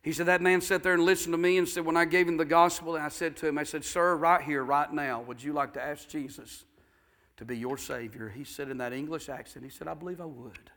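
A man preaching a sermon, telling a story in a folksy way and rising to fervent shouted exhortation. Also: fairly high pitch, fairly even intonation, brisk. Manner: folksy, builds to shouting fervor.

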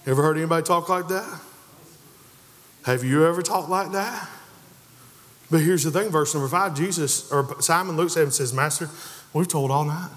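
A man's voice: a little high, normal speed, long pauses. A man preaching a sermon in a church, building emphasis and acting out the voices of the figures he quotes. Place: church sanctuary. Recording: long reverb of a church hall.

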